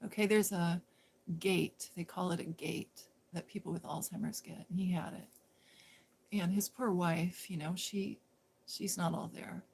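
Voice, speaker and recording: A woman live streaming, telling a story casually in a rambling way that drops into hushed whispers. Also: on the low side, fairly even intonation, measured pace, gravelly, slight background noise.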